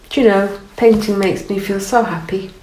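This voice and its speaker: A woman gently guiding an art lesson while she paints, encouraging and thinking aloud. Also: mid-range voice. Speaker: art teacher. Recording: roomy, from off the mic, faint noise.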